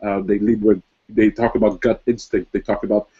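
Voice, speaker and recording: A man's voice: on the low side, flat delivery, brisk, dark tone, slightly rough, lo-fi sound. A man hosting an online talk, speaking reflectively with many fillers while a little under the weather. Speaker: host. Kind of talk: casual motivational talk. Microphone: video call.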